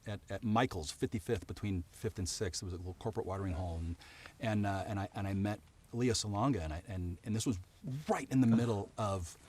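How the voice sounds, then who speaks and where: A man, a variety show cast member, telling a comic story with halting, stammering restarts and a deadpan build-up. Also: on the low side.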